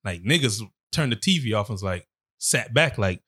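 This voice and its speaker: A man's voice: lowish voice, big pitch swings, normal speed, pushed and bright, breathy edge. A man in his forties chatting casually as a co-host, teasing and laughing often. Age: 40s. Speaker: podcast co-host. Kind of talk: casual chat.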